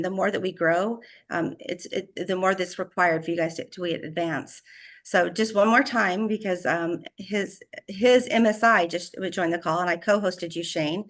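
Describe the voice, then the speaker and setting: A woman's voice: mid-range voice, fairly bright tone. A woman hosting an online community call, effusive, praising and openly emotional. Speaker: host. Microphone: video call.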